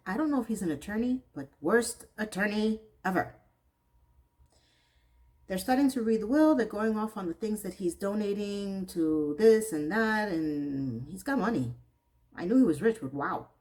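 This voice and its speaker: A woman's voice: mid-range voice, lively intonation, normal speed, darkish tone, poor audio. Sarcastic woman recapping a TV episode. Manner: exasperated, sarcastic asides. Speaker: TV recap reviewer. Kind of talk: casual recap commentary.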